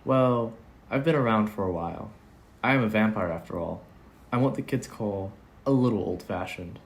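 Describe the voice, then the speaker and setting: A man voicing an old-fashioned male vampire who speaks in a measured, formal, pedantic way. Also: on the low side, lively intonation. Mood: dry. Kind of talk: amateur audio drama.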